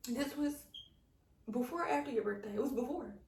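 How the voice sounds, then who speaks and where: Chatty podcast co-host, gravelly voice, animated storyteller; echoey room, distant mic. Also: female voice, sits high, fairly quick, a little hiss or hum. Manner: animated storytelling, acts out quotes. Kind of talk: casual chat, personal story.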